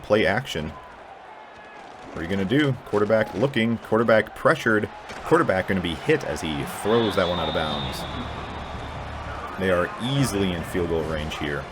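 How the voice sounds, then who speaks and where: A man's voice: low-pitched, noisy background. A young man commentating his own video game match play-by-play, sarcastic and frustrated, often swearing. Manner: frustrated, swears a lot, sarcastic, prone to angry outbursts. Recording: game music clearly heard behind voice.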